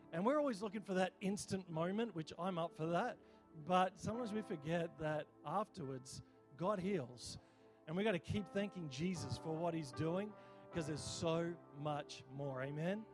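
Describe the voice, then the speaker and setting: A high-pitched man in his forties preaching at a church service, calling out to the crowd and pushing them to respond. His prayer runs loud and fervent, with soft music faint behind him. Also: normal speed. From Australia. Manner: energetic, rallies the crowd for responses. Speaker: visiting preacher. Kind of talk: sermon with healing prayer.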